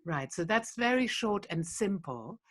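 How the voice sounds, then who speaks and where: A woman's voice: mid-range voice, lively intonation, measured pace, a little hiss or hum. A woman leading a lullaby workshop, patiently explaining a song step by step and breaking off to sing phrases. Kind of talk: teaching a song to a group.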